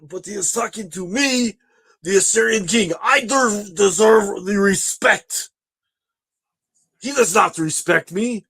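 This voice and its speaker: A man's voice: sits high, slow pace, vocal fry, bright, forceful tone, slightly rough, pitched above the performer's own voice, full character voice, poor audio. A man playing a boastful, paranoid vagrant who calls himself the alpha male, in a pompous, self-pitying sketch voice. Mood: indignant. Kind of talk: comedy sketch video.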